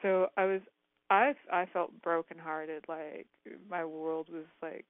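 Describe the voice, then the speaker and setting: A woman's voice: low voice, steady tone, slow pace, smooth, dry recording. Woman talk host, candid rambling storyteller, filler-heavy; phone-line sound, dry and close. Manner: frank, rambling, heavy use of "like" and "um".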